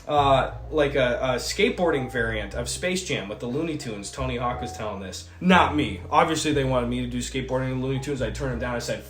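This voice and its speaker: Here a streamer with a mid-range voice talks quickly, reading chat messages in a loose, rambling way full of swearing and jokey asides. He seems slightly sick. The recording has an echoey room sound and gentle music underneath.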